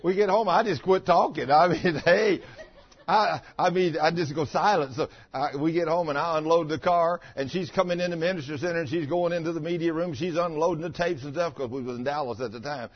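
A pastor, preaching and telling personal stories in a folksy, chatty way with stammering restarts. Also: male voice, fairly high pitch, fairly quick. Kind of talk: sermon with personal storytelling. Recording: muffled lo-fi recording.

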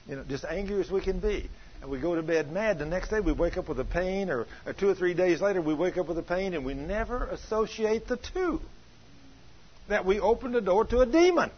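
A preacher with a high, husky voice delivers an animated sermon in church. He fires questions at the congregation and swings from low asides to loud bursts. The recording is dull and lo-fi. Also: brisk.

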